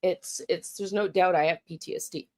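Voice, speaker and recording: A woman's voice: fairly low pitch, fairly even intonation. A middle-aged woman from Canada speaks in a personal vlog monologue. She restarts often and repeats words as she goes. Her tone is frustrated and blunt, with casual swearing. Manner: halting and emotional, frequent restarts and repeated words. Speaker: true crime channel host.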